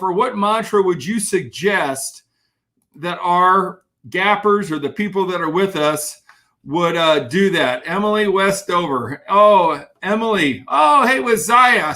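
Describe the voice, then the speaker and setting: A man giving an energetic live-streamed motivational talk as a keynote speaker, greeting viewers by name as he reads their comments. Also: sits high.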